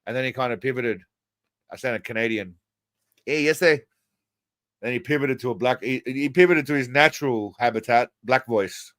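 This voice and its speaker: A man's voice: medium pitch, brisk, a bit bright, no echo. A man hosting a casual livestream, commenting on clips in a crude, mocking, rambling way. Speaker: livestream host.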